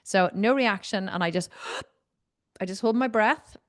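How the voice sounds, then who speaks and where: A woman's voice: mid-range voice, a little slow, no room sound, clean studio sound. A woman hosting a live video Q&A, telling a story in a candid, blunt way and swearing freely. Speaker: host. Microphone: video call mic.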